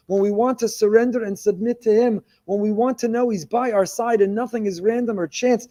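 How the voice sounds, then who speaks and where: Impassioned rabbi preaching, mellow voice. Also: male voice, high-pitched. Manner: impassioned, repetitive rhetorical build-ups. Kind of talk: sermon.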